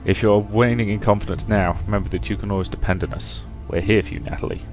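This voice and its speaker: A young man playing a sci-fi visual novel, reading out every character's lines with shifting pitch and loudness. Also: steady tone, fast, over music. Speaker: game let's-player.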